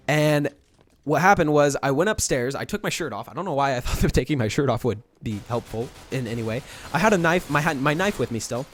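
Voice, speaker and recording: A young man in a storytime vlog, retelling a prank in a rambling, animated way with many restarts. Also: medium pitch, quick pace. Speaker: vlogger.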